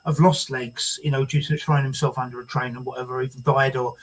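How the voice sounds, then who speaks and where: A man in his sixties hosting a casual talk show, speaking haltingly with repeated words and dry jokes. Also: medium pitch, level tone, rough recording. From United Kingdom.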